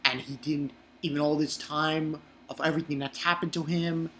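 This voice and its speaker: A man in a loose, rambling review monologue, full of fillers and swearing. His voice is bright and sharp-edged, and it leaps high whenever he gets worked up. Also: normal speed, a little hiss or hum. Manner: excitable and profane, rambling with many fillers; voice jumps high when worked up. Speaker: manga reviewer.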